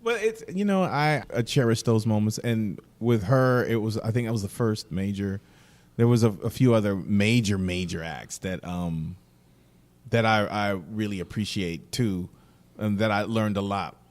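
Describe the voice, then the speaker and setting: Soft-spoken low-voiced man telling stories. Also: normal speed. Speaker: guest musician. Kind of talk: casual podcast storytelling.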